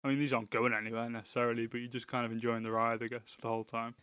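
A man's voice: mid-range voice, level tone, very fast, fairly bright tone, clear, resonant tone, no room sound. Goofy laughing podcast co-host man. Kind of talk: casual chat.

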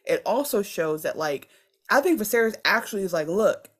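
A woman co-hosting a casual podcast, chatty and relaxed, dropping into playful quoted voices. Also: medium pitch, fairly quick, breathy edge. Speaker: podcast co-host. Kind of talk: casual recap chat.

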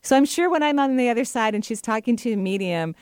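A woman's voice: fairly high pitch, lively intonation, fast talker, darkish tone, no room sound, studio quality. Chatty middle-aged woman radio host. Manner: chatty, enthusiastic, laughs easily. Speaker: radio host and psychic medium. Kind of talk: casual radio talk.

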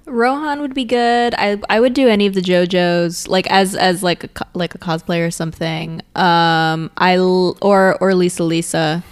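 A woman's voice: lowish voice, normal speed, hardly any pauses, clear, resonant tone. Giggly woman podcast co-host. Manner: playful, giggly, excitable. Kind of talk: casual chat.

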